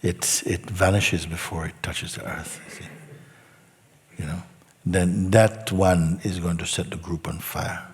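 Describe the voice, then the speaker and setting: A man giving a spiritual talk as a teacher, telling a story unhurriedly, with soft asides that sink almost to a whisper. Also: low voice, steady tone, a little slow, husky, in a large hall.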